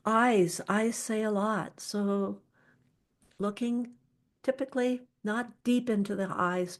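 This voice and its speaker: Presenting an online workshop over a video call, a woman speaks gently and soothingly at a medium pitch, sometimes softening to a whisper.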